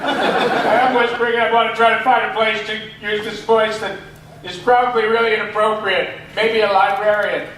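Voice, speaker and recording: Booming man with no indoor voice, put on by a male voice actor. High-pitched, echoey hall, heard from a distance. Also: normal speed, slight background noise. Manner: booming, talks loudly even when whispering. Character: loud adult man with no indoor voice.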